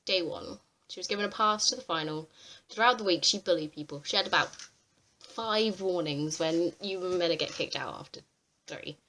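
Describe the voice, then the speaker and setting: A young woman ranting to camera on a vlog, exasperated and swearing freely with animated outbursts. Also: on the low side, brisk. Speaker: vlogger. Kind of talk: ranting commentary.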